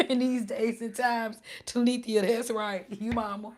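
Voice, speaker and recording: A woman's voice: a little high, fairly even intonation, unhurried, hardly any pauses. A woman chatting casually on her live stream, laughing often and answering her chat.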